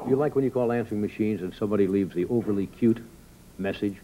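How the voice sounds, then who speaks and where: A man's voice: fairly low pitch, fast, warm tone, rough recording. A man hosting a talk show, chiming in briefly and agreeably with his guest.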